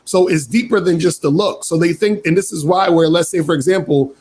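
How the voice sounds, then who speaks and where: A man's voice: a little high, fairly quick, a little mellow, husky. Rambling man on a stream panel. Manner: rambling, checking in with "you see what I'm saying".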